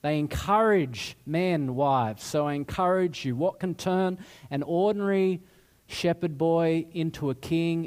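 A man's voice: on the high side, darkish tone. A middle-aged man preaching a sermon in a chatty, self-deprecating way, often restarting his sentences. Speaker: pastor.

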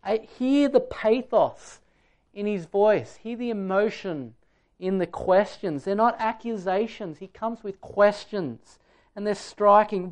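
A man's voice: sits high, slow pace. Earnest male preacher giving a sermon. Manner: earnest, emphatic, asks the listeners direct questions.

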